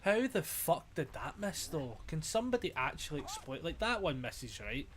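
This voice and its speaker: A man's voice: a little high, sing-song, normal speed, a little hiss or hum. A man commentating his own gameplay casually, exasperated and self-mocking, swearing constantly, his throat strained and frazzled. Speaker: gamer streamer.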